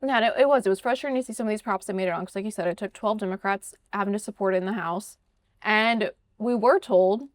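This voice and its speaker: Fast-talking woman hosting a politics interview. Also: mid-range voice, no room sound. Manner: brisk, conversational, many fillers like "you know" and "like". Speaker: podcast host.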